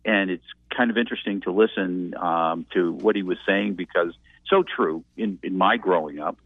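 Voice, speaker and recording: A man's voice: low voice, normal speed, husky, dry recording. A man, calling in and reminiscing in a rambling, reflective way. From Massachusetts. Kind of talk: casual reminiscing. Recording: tinny dry phone line.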